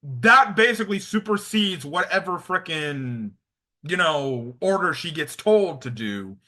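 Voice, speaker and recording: A young man giving a casual anime episode review, excitable, slangy and rambling. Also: fairly high pitch, a little slow.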